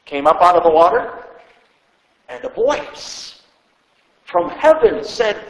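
A man delivers a slow, deliberate sermon in a very high voice that rises and falls with lively swings. He speaks with emphasis and asks his listeners rhetorical questions, sometimes repeating words mid-thought. His voice echoes through a church hall with a long reverb. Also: gravelly. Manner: stumbles and repeats words when speaking off the cuff. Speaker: pastor.

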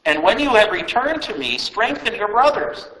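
A man voicing a calm male teacher speaking solemn, tender last words, recorded in a roomy space. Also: sits high, moderate pace, pitched above the performer's own voice, exaggerated voice. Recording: roomy echo.

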